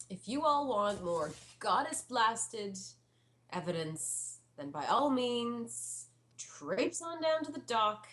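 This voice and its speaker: A woman's voice: fairly high pitch, sing-song, slow pace, a bit bright. A woman playing a tabletop game, grumbling sarcastically in character. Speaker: player.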